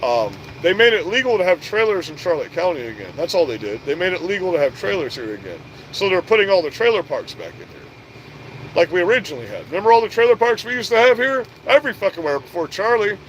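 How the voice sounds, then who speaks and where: A man's voice: high voice, big pitch swings, fast, lo-fi sound, a little hiss or hum. A middle-aged man from Florida, ranting bluntly and profanely in a casual vlog. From Florida, USA. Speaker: vlogger. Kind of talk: casual rant to camera.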